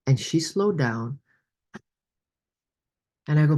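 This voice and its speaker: A woman with a notably low voice leads a workshop over a video call. She talks in an encouraging, storytelling way and uses plenty of fillers as she goes. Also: lively intonation, slow, pauses often, mellow. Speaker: money coach. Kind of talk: online workshop presentation.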